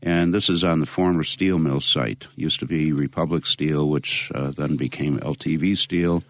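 A man being interviewed, speaking in a measured way with many pauses and fillers. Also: a bass voice, steady tone, fairly bright tone, no echo. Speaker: interview guest, local activist. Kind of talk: conversational interview.

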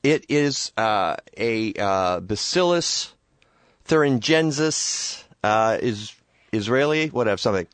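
A man hosting a radio garden show, talking casually in a rambling, halting way with many fillers. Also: fairly low pitch, lively intonation, no echo.

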